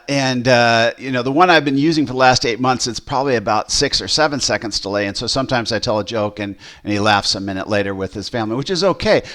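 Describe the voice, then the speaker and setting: A man who pastors, casually walking through a software demo, rambling with fillers and restarts. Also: mid-range voice.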